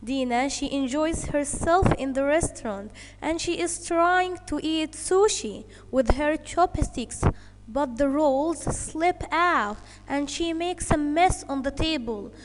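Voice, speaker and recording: A woman's voice: high-pitched, expressive, in a large hall, noisy background. A woman teacher giving an English lesson to children, explaining step by step and checking in with "okay" as she goes. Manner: slow, deliberate explaining with many "okay" checks.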